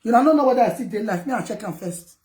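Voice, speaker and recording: Scolding Nigerian woman, high-pitched. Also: quick pace, warm tone, roomy sound. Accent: Nigerian Pidgin. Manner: defiant, scolding, repetitive. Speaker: vlogger. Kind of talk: heated personal rant to viewers.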